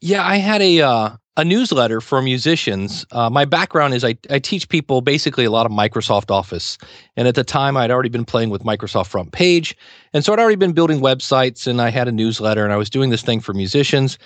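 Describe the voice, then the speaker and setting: A middle-aged man talks casually as a podcast guest, spinning anecdotes and playing out little dialogues as he goes. His voice sits at an ordinary pitch. The sound is dry and close, with no room around it. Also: lively intonation, fast, dry recording. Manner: chatty storyteller, acts out quoted exchanges. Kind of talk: casual interview talk.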